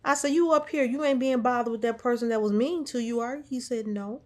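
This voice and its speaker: A woman's voice: on the high side, fairly quick. A woman casually telling a story from her caregiving job, quoting herself and a patient back and forth, with an encouraging, faith-tinged way of talking. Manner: encouraging, faith-infused talk. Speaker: caregiver sharing a workday story.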